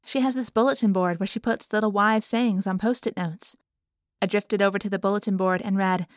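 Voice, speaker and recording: A woman's voice: medium pitch, fairly even intonation, moderate pace, dry recording, clean studio sound. Woman narrating an audiobook in first person. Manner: plain, conversational first-person storytelling.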